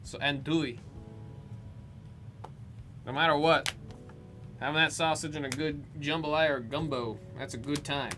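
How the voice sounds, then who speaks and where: A man with a slightly high, steady voice that sounds pushed and bright hosts a live card-opening stream, speaking a little slowly with long pauses. He chats casually and rambles between calling out the names of cards as he pulls them, with background music playing under his voice.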